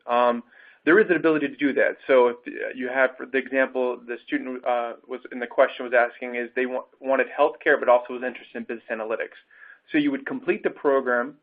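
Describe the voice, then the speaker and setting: An enrollment advisor hosts the Q&A portion of an online program webinar, reading questions aloud and stalling on many fillers. His pitch is middling, and the audio sounds narrow and phone-like.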